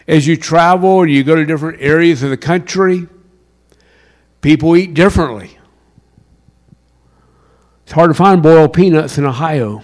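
A man with a Southern US accent from South Carolina, preaching a sermon with wide swings in pitch and loudness. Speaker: pastor.

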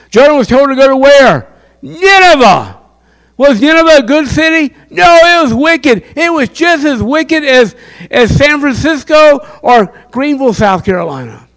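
A man's voice: extremely high pitch, fairly bright tone. A man preaching a sermon, impassioned and quizzing his listeners with questions. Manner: impassioned, asks the crowd questions.

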